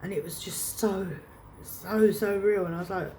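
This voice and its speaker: A woman's voice: medium pitch, fairly even intonation, normal speed, warm tone, slight background noise. A woman telling a painful personal story to camera, emotional and reenacting her own past words. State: choked up. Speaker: vlogger.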